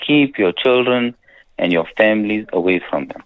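Over a dull radio broadcast, a man with a lowish voice speaks unhurriedly with lively intonation. He's an Islamic scholar fielding callers' questions, hammering his points home emphatically through repetition.

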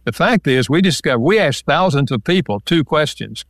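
A man, an author and counselor, calmly explaining ideas with everyday examples in an interview. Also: fairly high pitch, moderate pace, no echo, clean studio sound. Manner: calm, explanatory, gives examples. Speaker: author and marriage counselor guest. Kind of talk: interview conversation.

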